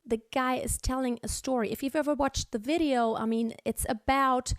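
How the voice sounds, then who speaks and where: A woman's voice: high-pitched, fairly even intonation, normal speed, no room sound, studio quality. A woman teaching singing, explaining technique and breaking into short sung examples. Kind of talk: vocal lesson with sung demonstrations.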